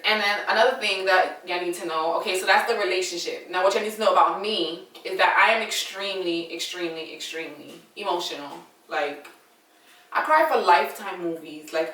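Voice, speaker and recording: A young adult woman tells a story casually and dramatically, chatting straight to her viewers and calling them y'all. Her voice is medium-pitched with a fairly bright tone, captured on a distant mic in a roomy space with low-quality sound.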